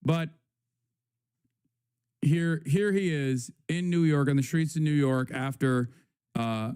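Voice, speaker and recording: Sarcastic male streamer, warm and dry. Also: on the high side, clear, resonant tone, no room sound. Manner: rambling, sarcastic, crude, quick asides. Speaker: livestream host. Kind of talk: casual news commentary.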